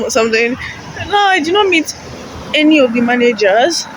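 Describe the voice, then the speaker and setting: Young woman vlogger, outdoors, high-voiced, rambling and giggly, heavy traffic noise. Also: lively intonation, normal speed. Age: young adult. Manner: chatty, rambling, laughs often. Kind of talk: casual vlog talk to camera.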